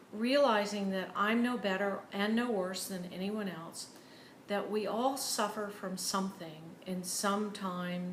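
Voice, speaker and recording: A woman's voice: medium pitch, a little hiss or hum. Earnest woman preacher in a roomy church. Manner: earnest, drops to hushed near-whispers for emphasis. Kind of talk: sermon.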